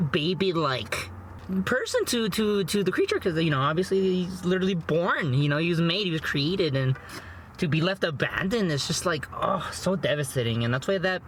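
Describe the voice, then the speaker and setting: A young man talks casually from his parked car, his voice a little on the high side. He rambles, often repeats himself and keeps throwing in "you know" and "bro." A faint hum of noise sits behind him. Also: fairly bright tone. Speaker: food vlogger and movie reviewer. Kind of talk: casual chat while eating.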